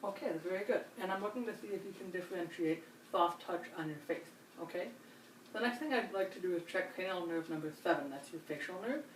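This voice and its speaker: A woman with a fairly low voice calmly guides a patient through a clinical exam, one step at a time. She is recorded from a distance in a roomy space with faint hiss behind her. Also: fast talker. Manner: calm, step-by-step instructions with frequent reassurance. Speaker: nurse examiner. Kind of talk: clinical demonstration.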